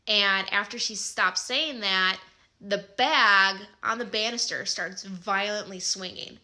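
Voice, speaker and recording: A woman in her thirties with a Midwestern American accent casually tells a personal story, her chatty speech full of fillers like "like" and "um." Her voice is medium in pitch with a sharp tone, and she speaks at a slow pace.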